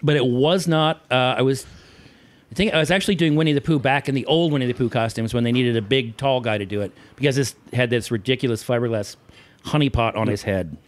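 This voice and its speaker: A man with a medium-pitched voice talks fast in a casual chat, telling stories as a guest about his old job as a theme park costume character. He's an animated storyteller who laughs a lot and acts out the voices of people he quotes.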